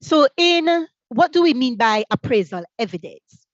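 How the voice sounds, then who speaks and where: Lively Jamaican woman leading teacher training. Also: high voice, unhurried, no room sound, muffled recording. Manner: energetic, asks many rhetorical questions. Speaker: workshop facilitator.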